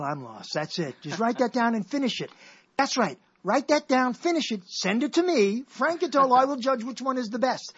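Male radio host, husky voice, lively swooping delivery, playful riffing, lo-fi radio sound. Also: extremely high pitch, moderate pace. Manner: playful, riffing, mock-dramatic. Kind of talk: rambling comic radio talk. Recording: dull lo-fi radio recording.

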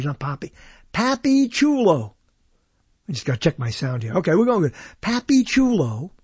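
Male host, husky voice, dry close sound, loose jokey delivery with frequent self-corrections. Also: very high-pitched, no echo. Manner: jokey and rambling, corrects himself often. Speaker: host counting down badly reviewed movies. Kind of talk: casual solo commentary.

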